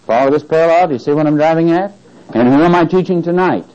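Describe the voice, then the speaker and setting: A man's voice: on the high side, quick pace, mellow. A man preaching a Bible-teaching sermon, reading scripture aloud with emphasis and putting questions to the congregation for them to answer. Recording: dull lo-fi sermon recording.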